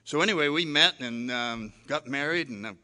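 An older man tells his own story from a stage, his voice bright and forceful. He is animated and self-mocking, and he replays his own past lines in his storytelling. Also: mid-range voice, moderate pace. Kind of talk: personal storytelling talk.

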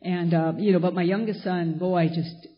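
A woman's voice: fairly low pitch, fairly even intonation, moderate pace. A middle-aged woman sharing her own story at a support meeting, blunt and emphatic, hammering points home by repeating them. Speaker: speaker at a recovery meeting. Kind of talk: personal share at a support meeting. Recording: dull lo-fi recording.

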